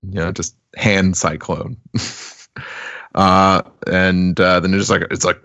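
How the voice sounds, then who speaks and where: A man's voice: slow, gravelly, fairly bright tone, dry recording. A man hosting a podcast, casually recapping a comic chapter with chuckles and hammed-up voices for quotes. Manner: chuckling, hams up quoted lines in high voices. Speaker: podcast host.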